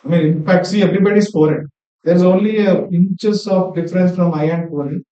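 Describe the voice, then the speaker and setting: A man's voice: high-pitched, fairly even intonation, fast talker, dark tone. A young man joining a workshop to share public speaking tips, hesitant and full of fillers. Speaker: workshop participant. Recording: dull, roomy sound from far off the mic.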